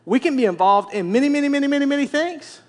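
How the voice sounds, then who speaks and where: High-voiced animated man preaching. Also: quick pace. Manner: animated storytelling preacher, repetitive emphatic phrasing. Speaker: pastor. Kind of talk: sermon.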